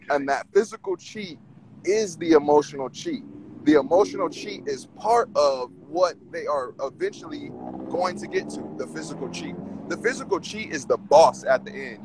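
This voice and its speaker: A man calls in and argues his point with rising energy, doubling back on his words as he goes. His voice sits a bit high for a man, with a faint hum of noise behind him. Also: moderate pace. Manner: animated, argumentative, repeats himself. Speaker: caller. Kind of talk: casual call-in debate.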